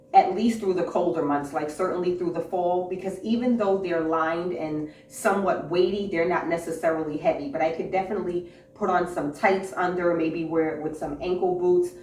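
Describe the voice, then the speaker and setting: A woman hosting a casual fashion haul vlog, talking enthusiastically to camera with a few fillers and repeats, in an indoor room with a clothing rack. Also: lowish voice. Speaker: fashion vlogger, channel host. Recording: roomy echo, distant mic, faint hiss.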